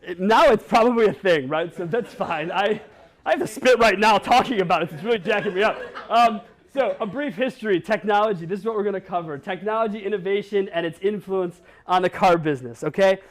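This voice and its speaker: A man's high voice moves along fairly quickly as this conference speaker from Wisconsin gives his keynote in a conference hall. He talks bluntly, swears from time to time, and jokes with the audience.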